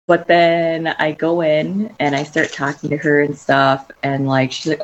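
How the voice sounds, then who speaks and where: Young woman, low voice, chatty and filler-heavy, muffled lo-fi recording. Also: moderate pace. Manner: chatty, filler-heavy, animated quoting of others. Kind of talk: casual storytelling chat.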